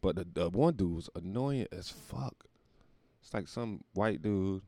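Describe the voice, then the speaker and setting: A man's voice: low-pitched, expressive, measured pace, warm tone, no echo. A young man hosting a podcast from home, telling stories in a loose, profane, laughing way. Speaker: podcast host. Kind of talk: casual comedic storytelling monologue.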